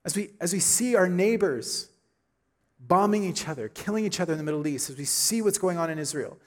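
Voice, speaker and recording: A middle-aged male pastor delivering a sermon, his voice sitting a little higher than most men's. He presses each point hard, repeats his key lines for weight, and climbs to loud, ringing peaks. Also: expressive, brisk. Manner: emphatic preaching, repeats key phrases, rises to loud climaxes.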